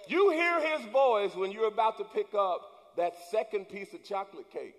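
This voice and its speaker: A man preaches in a church, swinging between quiet asides and shouted, rising points. His voice carries a long hall reverb as he calls out to the congregation. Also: high-pitched, big pitch swings, moderate pace, few pauses. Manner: preaching with rising, shouted emphasis and call-and-response. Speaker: pastor. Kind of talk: sermon. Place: church sanctuary.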